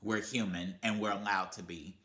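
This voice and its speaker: Guy ranting, swearing nonstop, low but sharp voice, roomy echo. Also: fairly even intonation, normal speed. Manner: blunt, heated, swearing constantly. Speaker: vlogger. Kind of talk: profane motivational rant.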